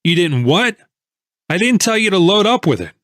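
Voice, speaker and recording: A man voicing a furious, shouting male speculator in an audiobook, accusing and sputtering with anger. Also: high voice, sing-song, normal speed, dry recording, studio quality, pitched above the performer's own voice. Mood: angry shouting. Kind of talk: audiobook character voice.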